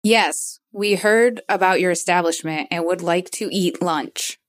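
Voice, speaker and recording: A woman's voice: on the low side, a little slow, lightly acted. A woman voicing a stiff, overly formal monster woman in disguise, speaking in stilted phrases.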